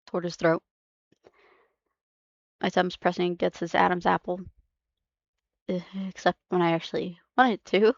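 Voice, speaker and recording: Gravelly low woman reading a dark story. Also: steady tone, no room sound, muffled recording. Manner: intense, halting, emotional reading with restarts. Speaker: reader. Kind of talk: first-person story narration. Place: home streaming setup. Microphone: streaming mic.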